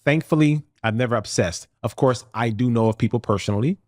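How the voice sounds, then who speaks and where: A man in his thirties co-hosting a gaming podcast, talking in an easygoing, drawn-out way with lots of fillers. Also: medium pitch, no room sound, studio quality. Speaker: podcast co-host. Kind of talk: casual chat.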